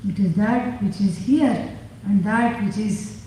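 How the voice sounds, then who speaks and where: A woman with a medium-pitched, mellow voice teaches scripture in a lecture, slowly asking questions and answering them herself with dry humor. She's a spiritual teacher, recorded on a phone in the audience, far from the mic in a very echoey hall.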